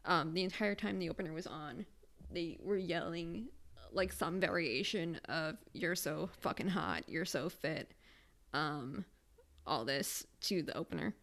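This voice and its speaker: A young woman tells a long story on a casual podcast. Her voice sits fairly low and turns gravelly with vocal fry. She swears freely and tells it with animated energy. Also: measured pace. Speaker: podcast co-host.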